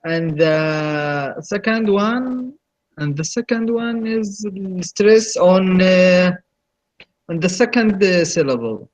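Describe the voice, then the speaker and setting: A male student answering hesitantly in an online class, with many pauses. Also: sits high, expressive. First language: Arabic. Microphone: video call. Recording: muffled video call audio.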